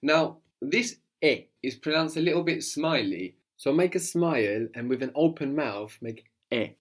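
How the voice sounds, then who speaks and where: A man teaching a spoken language lesson, patiently coaxing a student and modelling pronunciation slowly. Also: on the high side, expressive.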